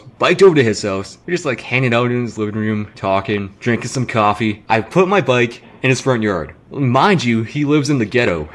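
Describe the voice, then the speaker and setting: Young man, casual animated storyteller for game commentary. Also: medium pitch. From Canada. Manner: animated, acts out quotes, swears freely. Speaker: gaming commentator.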